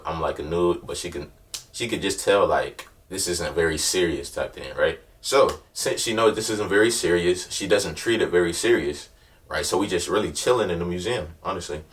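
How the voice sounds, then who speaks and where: Young male vlogger, deep and low, easygoing slangy storyteller, a little off-mic. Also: a bit bright, recorded from a distance. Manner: laid-back slangy storytelling with constant check-ins. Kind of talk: casual storytime.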